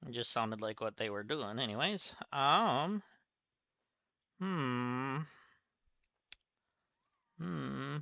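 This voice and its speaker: A man's voice: medium pitch, very slow, gravelly, long pauses, pushed and bright, no echo, highs cut off. A man livestreaming a game, chatting and thinking aloud as he plays. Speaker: streamer.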